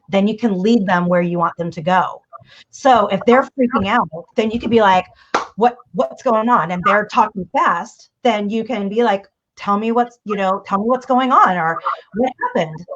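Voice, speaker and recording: A woman coach giving communication advice in a casual interview, animated and acting out the voices she quotes. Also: medium pitch. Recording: dull lo-fi audio.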